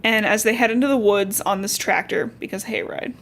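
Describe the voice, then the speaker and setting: A woman's voice: medium pitch, fairly even intonation, brisk, a bit bright. A young woman from Cincinnati hosting a podcast, recapping a novel in casual, slangy chat with swearing asides. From Cincinnati, Ohio. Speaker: podcast host.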